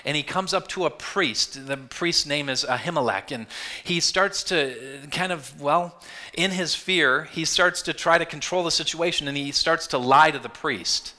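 A man preaching a sermon, telling a Bible story in an earnest, animated way and slipping into quoted voices. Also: on the high side, moderate pace. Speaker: pastor.

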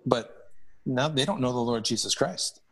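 A man's voice: medium pitch, normal speed. A man, a hockey chaplain, telling stories earnestly in a podcast interview, often restarting his sentences. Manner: earnest, animated storytelling with restarts.

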